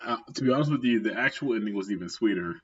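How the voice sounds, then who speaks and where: A man's voice: lowish voice, animated, racing, husky. A man co-hosting a podcast, chatting casually in a laid-back, wry way. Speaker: podcast co-host. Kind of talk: casual chat. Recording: dull lo-fi sound.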